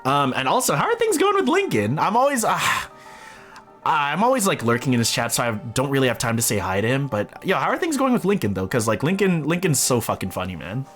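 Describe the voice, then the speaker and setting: Game streamer, male, animated storyteller with a lively, swinging pitch, faint music under the talk. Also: brisk. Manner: animated storyteller, acts out other people's lines. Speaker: streamer playing a video game. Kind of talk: casual stream chat and storytelling.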